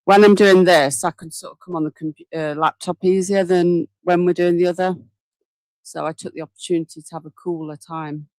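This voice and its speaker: A woman's voice: fairly low pitch, fairly even intonation, brisk, darkish tone, no echo. A woman hosting a casual live show, chatting into a desk microphone and reacting aloud with exclamations. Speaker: host reacting to trial footage.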